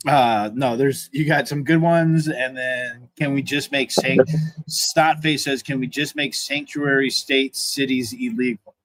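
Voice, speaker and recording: A man's voice: medium pitch, fairly even intonation, measured pace, a bit bright, no echo. A man hosting a casual livestream chat, easygoing and laughing often between words. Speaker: host.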